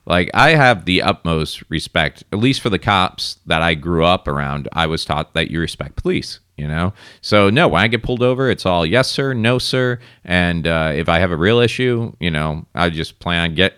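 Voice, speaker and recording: A man's voice: low voice, expressive, normal speed, few pauses, a bit bright, clean tone, no room sound, studio quality. A man from South Florida, co-hosting a podcast, telling a rambling and profane story in casual chat. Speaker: podcast co-host.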